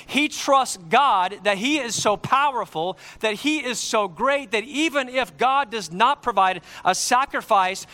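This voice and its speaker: A male preacher delivers a sermon in a high, bright voice. He speaks emphatically, slowing down to repeat his key lines for effect. His delivery rises and falls with his points.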